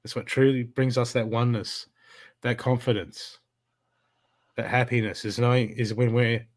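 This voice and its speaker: A man's voice: medium pitch, level tone, moderate pace. A man giving a live spiritual card reading, talking in an emphatic, repetitive coaching way. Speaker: intuitive card reader.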